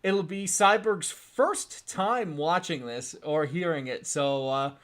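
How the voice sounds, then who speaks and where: A man hosting a casual online show, relaxed and chuckling, with lots of fillers. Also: fairly high pitch, takes it slowly. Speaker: show host. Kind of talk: casual chat on a stream.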